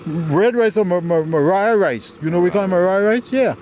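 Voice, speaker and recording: A man's voice: sits high, normal speed, darkish tone, a little hiss or hum. A man with a Gullah accent from the South Carolina Sea Islands, chatting as a local guide while walking outdoors, repeating words as he goes.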